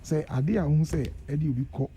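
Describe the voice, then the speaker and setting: A man's voice: a little high, fairly even intonation, fast talker, dark tone, slight background noise. A Ghanaian man speaking as the guest professor on a radio panel, earnest and emphatic, switching between Twi and English. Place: radio studio.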